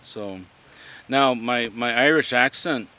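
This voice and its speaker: A man, a living history reenactor, talking in a reflective interview in an earnest, halting way as he searches for words. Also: medium pitch, bright, forceful tone.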